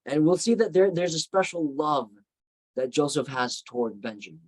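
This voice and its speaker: A man's voice: on the high side, lively intonation, normal speed, no echo, poor audio. A man teaching a Bible study, retelling the story reflectively with frequent restarts.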